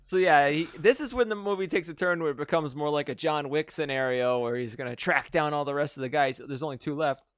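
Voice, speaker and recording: A man's voice: a little high, a little fast, few pauses, a bit bright, smooth, no room sound. A man hosting a casual movie podcast, recapping the plot in a rambling way with lots of fillers. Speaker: podcast host.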